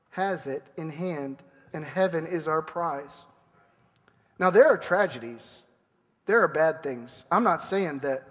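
A man's voice: a little high, big-room sound. A man preaching a sermon in a conversational way, acting out quoted people as he goes. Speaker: pastor.

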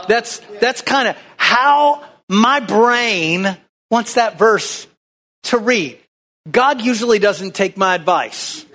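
A man's voice: high voice, expressive, slow, pushed and bright. A man preaching a folksy, conversational sermon, drawing the congregation into call-and-response. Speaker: pastor.

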